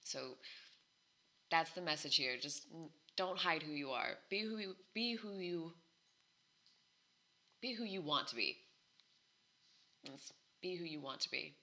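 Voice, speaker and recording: An actress speaks earnestly as a podcast guest in casual conversation. Her bright, sharp voice carries a gravelly, fried edge. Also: deep voice, expressive, a little slow, long pauses. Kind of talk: casual chat.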